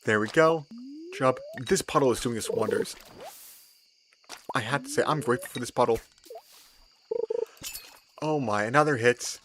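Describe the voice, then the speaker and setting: A young man, excitedly commenting on his gameplay, repeating himself and laughing often. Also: medium pitch, normal speed, pauses often, a little hiss or hum. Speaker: streamer.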